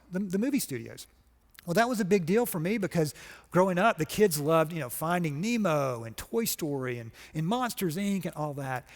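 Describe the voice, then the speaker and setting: On a conference stage, a middle-aged Georgian man gives a motivational speech in a voice slightly high for a man. He narrates stories with lively energy, acting out the quotes, while long hall reverb follows his words.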